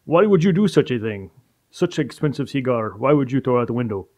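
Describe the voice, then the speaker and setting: A man's voice: mid-range voice, lively intonation, fast talker, warm tone, voice pushed up. A man putting on a mock-train passenger. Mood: indignant. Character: adult male Russian on a train, indignant then boastful. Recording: dull lo-fi podcast audio.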